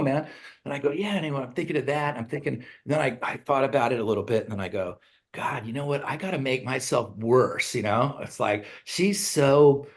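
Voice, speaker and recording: Rambling middle-aged rock singer telling stories. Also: male voice, medium pitch, vocal fry. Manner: animated storyteller, acts out quotes in raised voices, laughs often; loose, rambling, swears casually. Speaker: songwriter and band singer, interview guest. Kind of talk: casual storytelling interview.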